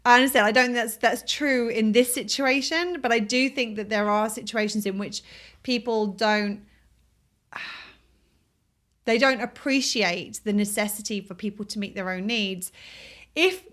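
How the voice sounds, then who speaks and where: A woman with a bright, fairly high voice talks through her ideas on a podcast. She is reflective and wordy and circles back on her own sentences. Her tone stays easygoing and conversational. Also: unhurried. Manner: reflective, explains at length with restarts. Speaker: podcast co-host. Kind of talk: casual conversational chat.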